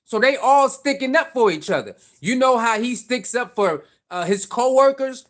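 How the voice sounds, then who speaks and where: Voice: medium pitch, lively intonation, normal speed. A sports commentary vlogger giving casual, opinionated takes, firing off rhetorical questions and repeating points in slangy speech.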